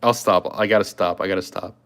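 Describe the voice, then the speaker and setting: A man's voice: low voice, fairly even intonation, fast, a bit bright. A man chatting casually on a live stream, loose and talkative, answering comments while he works. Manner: loose and chatty, talking to chat while drawing.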